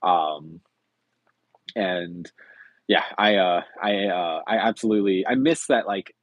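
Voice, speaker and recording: A man hosting a casual live stream, chatty and enthusiastic, his voice going hoarse. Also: low-pitched, takes it slowly, no room sound, muffled recording. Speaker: host of a movie live stream.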